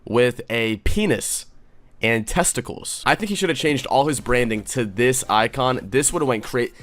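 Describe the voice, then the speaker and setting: A man's voice: mid-range voice, normal speed, a bit bright. Profane, mocking male commentator. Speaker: commentary YouTuber. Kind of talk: casual commentary rant.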